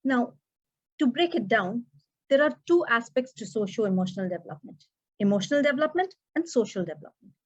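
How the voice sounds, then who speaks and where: Expressive woman educator. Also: on the high side, a little fast. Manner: expressive, acts out quoted dialogue. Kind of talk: prepared contest speech. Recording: dull muffled recording.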